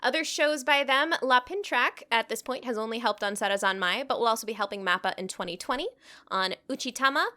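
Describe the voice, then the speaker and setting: Woman, bright voice, casual podcast chat, reads aloud with wry comments. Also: fairly high pitch, a little fast, no room sound, studio quality. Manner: giggly, reads aloud and comments wryly as she goes. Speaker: podcast co-host.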